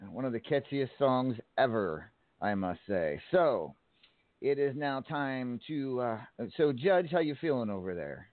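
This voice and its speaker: A man's voice: medium pitch, lively intonation, measured pace, a little hiss or hum. Male radio host, loose rambling patter, thin phone-like sound. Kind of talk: casual radio chat. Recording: phone-like narrow band.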